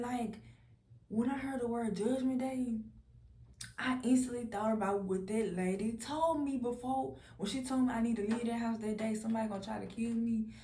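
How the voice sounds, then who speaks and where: A woman's voice: on the high side, mellow. A young woman candidly telling her personal testimony in a casual, storytelling way, swearing freely and filling her speech with "like". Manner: candid, profane, lots of "like" fillers. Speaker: vlogger sharing a personal testimony. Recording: roomy echo.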